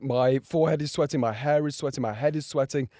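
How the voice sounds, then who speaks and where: A young man with a hoarse, strained voice, talking through a race in a casual, excitable and rambling way, full of fillers and restarts. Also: medium pitch, fast, no room sound, clean studio sound. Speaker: motorsport video creator. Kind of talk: casual reaction and race breakdown.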